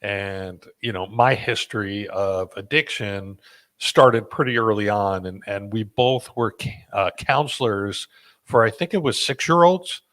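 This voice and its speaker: In a measured, unhurried way, a man hosting a podcast tells a meandering story in a fairly bright voice that sits on the low side. His casual talk is packed with fillers and false starts, broken up by self-deprecating laughter.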